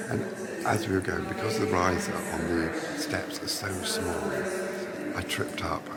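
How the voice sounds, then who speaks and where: An older Englishman, a musician, telling rambling, chatty anecdotes in a documentary interview. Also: deep voice. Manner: chatty, rambling storyteller who laughs easily. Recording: noisy ambient documentary recording.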